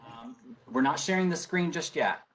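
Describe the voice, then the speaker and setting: A man with a Southern US accent hosting a webinar over a video call and asking polite, brisk questions. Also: on the high side, lively intonation, fairly bright tone. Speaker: webinar host.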